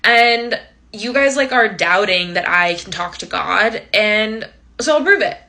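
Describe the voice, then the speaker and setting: A woman's voice: mid-range voice, lively intonation, a little slow, creaky, sharp tone, full character voice. A woman voicing Moses as a fed-up, whiny male leader who talks casual slang. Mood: exasperated. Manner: exasperated, slangy.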